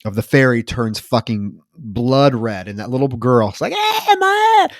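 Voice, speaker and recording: A man co-hosting a podcast, casually retelling a film scene with many fillers and animated asides. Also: mid-range voice, normal speed, no echo, studio quality. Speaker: podcast co-host. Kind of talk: casual chat recapping a film.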